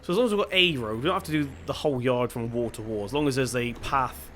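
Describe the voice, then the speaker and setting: A young man from Devon with a soft local accent talks casually over his gameplay. He thinks aloud in an easygoing, chatty way at an ordinary middle pitch. A faint hum of game sound sits behind his voice. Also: quick pace. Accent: Devon English. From England (Devon). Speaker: gaming channel host.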